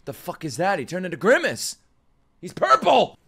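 A man reacting to an anime episode live, excitable and swearing a lot as he talks back at the screen. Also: fairly high pitch, a little fast.

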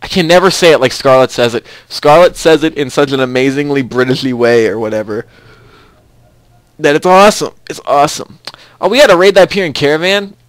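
A man's voice: on the high side, expressive, a little fast, no room sound. A young man hosting a casual game commentary, chatty and rambling, often repeating himself. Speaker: let's play host.

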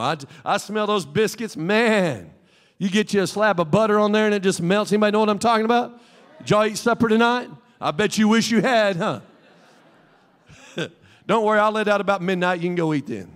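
A middle-aged man, the pastor, preaching a Pentecostal sermon in a folksy, animated way with homely asides. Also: sits high. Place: church sanctuary. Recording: long hall reverb.

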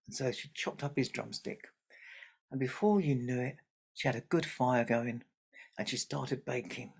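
A man's voice: mid-range voice, normal speed, vocal fry, husky. A man telling a story to a family audience, chatty, with asides to the listeners.

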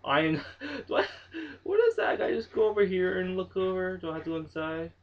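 A man's voice: high-pitched, lively intonation, a little fast. A young man hosting a horror game playthrough, jumpy and nervous, swearing a lot and laughing nervously. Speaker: gaming channel host. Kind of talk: horror game let's play commentary. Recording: dull lo-fi home mic.

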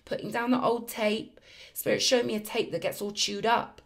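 A woman's voice: on the high side, steady tone, normal speed, gravelly. A woman giving an effusive, emphatic spiritual tarot reading in a chatty way to her viewers. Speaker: tarot reader.

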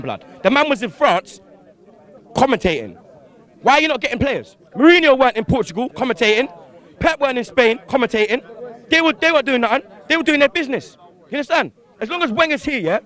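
High-voiced young man ranting angrily. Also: a bit bright. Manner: heated, swearing, slang-heavy, rhetorical questions. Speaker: fan interviewee. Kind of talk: angry post-match fan rant. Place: outdoors on a city street after a match.

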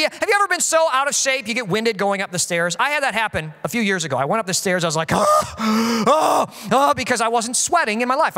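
A man in his thirties, a pastor preaching a sermon and telling stories in an animated, joking way with acted-out quotes. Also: extremely high pitch, big-room sound. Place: church.

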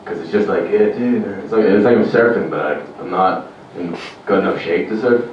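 Irish comic with a lively, low voice. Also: male voice, brisk, dull audio, a little hiss or hum. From Ireland. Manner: rambling, deadpan, swearing. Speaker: stand-up comedian. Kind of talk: stand-up comedy. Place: comedy club stage. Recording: echoey club room, mic far off.

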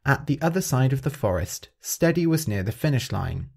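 A man hosting a story podcast, narrating clearly and expressively for English learners. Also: medium pitch, moderate pace. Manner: clear, expressive, carefully paced.

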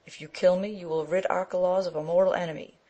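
A woman's voice: on the low side, steady tone, fast talker, warm tone, natural voice. A woman reading a bold challenging knight. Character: angry young male knight issuing a challenge.

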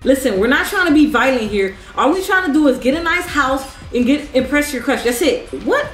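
A woman's voice: high-pitched, a little fast, reverberant. A woman hosting a gaming video, giving playful, teasing commentary as she plays alongside someone. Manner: playful, animated, teasing coach. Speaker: gaming channel host. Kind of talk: casual gameplay commentary.

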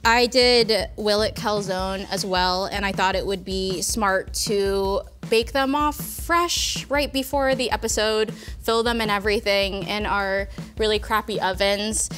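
A woman's voice: mid-range voice, a little slow, hardly any pauses, a bit bright, faint music behind. A young woman hosting a casual cooking demonstration in a studio kitchen, chatty, joking and self-deprecating as she works. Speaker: cooking show host.

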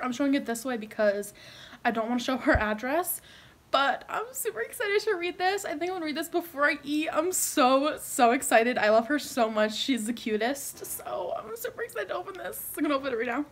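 A woman's voice: sits high, brisk, a bit bright. Bubbly, giggly young woman vlogging. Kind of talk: casual vlog chat to camera.

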